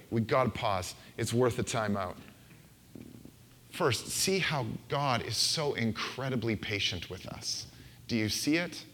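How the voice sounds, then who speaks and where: A man's voice: mid-range voice, fairly bright tone. A man preaching a sermon into a microphone in a conversational, playful way, sometimes acting out quoted voices. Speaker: pastor. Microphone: handheld microphone.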